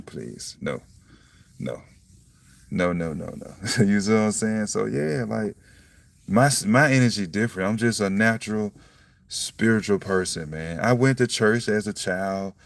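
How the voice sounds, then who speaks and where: Young man, low gravelly voice, casual spiritual monologue, profane and blunt, loud laughs, dry sound a bit far from the mic. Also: lively intonation, moderate pace, dry recording. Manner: repeats catchphrases like "you see what I'm saying". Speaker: self-styled preacher vlogger.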